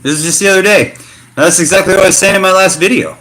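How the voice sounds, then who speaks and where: A man's voice: high voice, rapid-fire. A middle-aged man from the United States, telling a story in a loose, slangy way for his vlog. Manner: slangy, animated storytelling with fillers. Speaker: vlogger. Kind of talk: casual rambling vlog talk.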